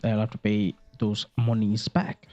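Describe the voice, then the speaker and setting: A man's voice: on the low side, completely flat delivery, unhurried, muffled recording, slight background noise. A young man around eighteen from India, rambling jokily through casual gameplay commentary, swearing now and then. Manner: rambling and jokey, with frequent fillers and swearing. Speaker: gaming video creator. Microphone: desk microphone.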